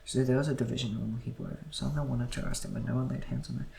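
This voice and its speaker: A man reading scripture aloud at a quick pace, stumbling and restarting now and then. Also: mid-range voice, fairly even intonation, vocal fry, dark tone, slight background noise. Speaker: Bible reader.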